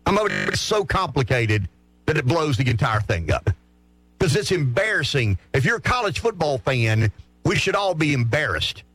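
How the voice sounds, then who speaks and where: Lively, argumentative sports talk man. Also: a little high, normal speed, soft background music. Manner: argumentative, poses rhetorical questions and answers them.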